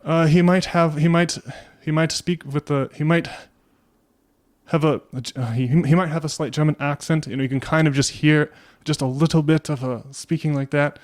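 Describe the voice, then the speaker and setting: A man's voice: fairly high pitch, steady tone, normal speed. A man co-hosting a casual podcast, rambling through a story with lots of restarts. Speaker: podcast co-host.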